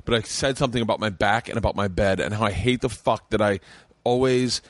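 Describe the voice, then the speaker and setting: A man hosting his own comedy podcast, talking loosely and fast, swearing often and rambling with excitement. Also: on the low side, no room sound, clean studio sound. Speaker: podcast host and stand-up comic. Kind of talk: casual podcast chat. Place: home studio room.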